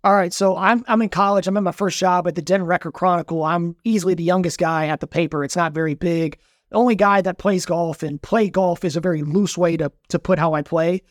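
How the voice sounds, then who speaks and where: Male sports reporter, quick and high-pitched, animated storyteller, dry close mic. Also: no echo. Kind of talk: casual podcast chat.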